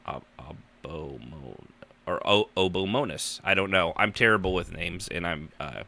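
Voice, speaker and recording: A man's voice: deep voice, moderate pace, vocal fry, pushed and bright. Jokey, rambling man hosting a chat show. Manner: jokey, rambling, mock-outraged. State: tired. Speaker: podcast host. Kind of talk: casual comedic chat.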